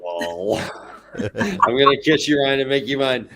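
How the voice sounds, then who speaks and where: A man's voice: medium pitch, expressive, takes it slowly, pushed and bright, soft background music. A man co-hosting a casual podcast, joking around and teasing his friends. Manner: joking, slips into a raspy politician impression. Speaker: podcast co-host. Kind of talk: casual banter with put-on impressions.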